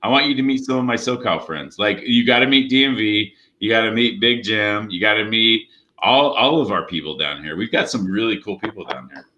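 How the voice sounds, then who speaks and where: A man's voice: on the low side, animated, brisk, sharp tone, lo-fi sound. A man hosting a comedy show over a video call, chatting loosely, laughing and swearing casually.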